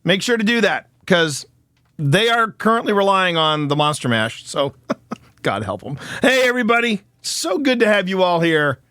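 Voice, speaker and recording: A man hosting a live stream in casual chat with viewers, excitable and quick to laugh and shout. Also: high-pitched, clear, resonant tone, dry recording, studio quality. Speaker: livestream host.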